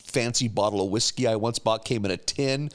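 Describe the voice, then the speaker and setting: A man's voice: on the low side, brisk, clear, resonant tone. A man in his thirties co-hosting a casual chat podcast, rambling through episode recaps with frequent laughter. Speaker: podcast co-host.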